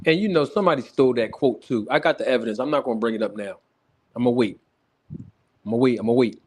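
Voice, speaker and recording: A man hosting a boxing talk livestream in casual, animated commentary. He laughs often and greets viewers in the chat. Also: medium pitch, fast, a little hiss or hum.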